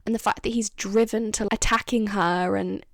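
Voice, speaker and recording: A woman's voice: mid-range voice, steady tone, normal speed, gravelly, no echo, studio quality. A woman vlogging in a casual, chatty way, laughing often and acting out lines she quotes. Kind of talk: casual chat.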